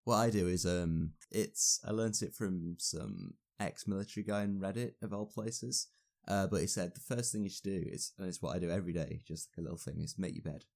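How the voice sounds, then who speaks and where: A man's voice: low-pitched, a little fast, creaky, darkish tone. A young man, a university student, chatting casually and rambling a little with fillers. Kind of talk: casual podcast chat.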